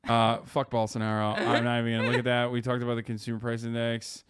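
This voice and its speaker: A man's voice: medium pitch, completely flat delivery, fast, clear, resonant tone, dry recording. Sarcastic sweary guy streaming, dry close sound, talks blunt. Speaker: streamer host. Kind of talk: casual reaction-stream chat.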